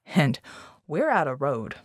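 A calm, practical man speaking plainly to his team about their next move, read by a woman. The voice is low and dry, with no room around it. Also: slow, no echo, heavily acted.

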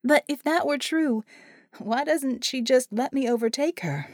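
A woman's voice: high-pitched, unhurried, no room sound, studio quality, pitched above the performer's own voice. A woman reading a playful, chatty woman bartender in an audiobook. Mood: casual. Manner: teasing, playful.

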